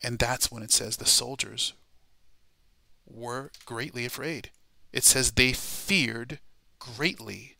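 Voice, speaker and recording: A man teaching a Bible study class in a sermon style, emphatic and dramatic, slowing down to stress key words. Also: medium pitch, gravelly, pushed and bright, slight background noise.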